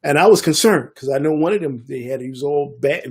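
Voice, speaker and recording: An older man, a DJ and producer telling a story in a casual interview, animated and acting out the voices of others. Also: fairly high pitch, fairly quick, breathy edge. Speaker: guest DJ and producer.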